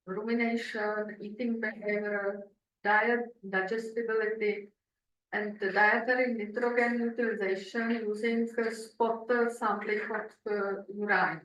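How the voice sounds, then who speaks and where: A woman speaks slowly at a seminar, often stopping on fillers and restarting her sentences. Her voice sits somewhat high. She is heard from a distance in a reverberant lecture room. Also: a bit bright, dull audio, slight background noise. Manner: halting, many "uh" fillers and restarts. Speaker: researcher presenting at a seminar. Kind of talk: conference talk.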